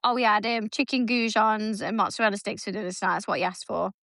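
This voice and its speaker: Her mid-range voice is creaky and quick as she co-hosts a podcast, chatting casually through animated stories and playing her son's part in them. The studio sound is clean, with no echo.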